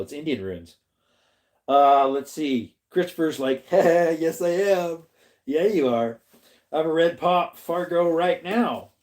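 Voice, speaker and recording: A middle-aged Arizona man hosts a casual livestream, rambling and chatty as he reads viewers' comments, laughing often and greeting people by name. His voice is on the high side and a little mellow.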